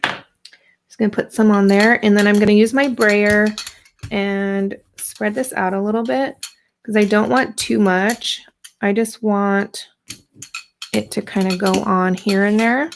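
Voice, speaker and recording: A woman in her thirties hosts a relaxed craft livestream, rambling and playful as she greets viewers. Her voice has a gravelly fry to it. She talks at an unhurried, slow pace. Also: mid-range voice, slight background noise. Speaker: art journaling livestream host. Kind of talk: casual livestream craft demo.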